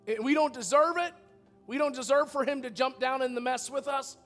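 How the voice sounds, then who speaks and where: A man's voice: extremely high pitch, normal speed, a bit bright, faint music behind. A man preaching a sermon in a church as pastor, earnest and often repeating words as he goes.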